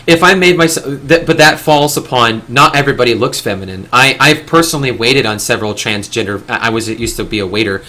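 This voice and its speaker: A man's voice: medium pitch, animated, fast talker, hardly any pauses, sharp tone. A young man hosting a casual discussion, talking earnestly in long, rambling stretches with frequent restarts. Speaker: discussion host.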